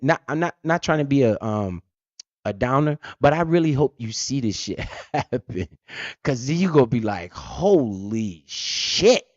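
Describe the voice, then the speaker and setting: A man's voice: a little high, darkish tone, no echo. A man hosting a crypto channel, giving blunt, profane, joking market commentary off the cuff. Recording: dull lo-fi dry audio.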